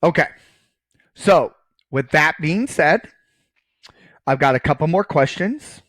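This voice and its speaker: A man's voice: a little high, animated, slow, fairly bright tone, dry recording. Casual joking male math lecturer. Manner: casual, joking, says "okay" often; talks while writing on screen. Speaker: college math professor. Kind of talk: recorded lecture.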